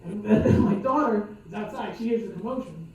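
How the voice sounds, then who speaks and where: A man's voice: high-pitched, fairly quick, muffled recording. A man doing a stand-up set, profane and rambling, laughing at his own lines. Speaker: stand-up comedian. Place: comedy club stage. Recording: echoey club from far off.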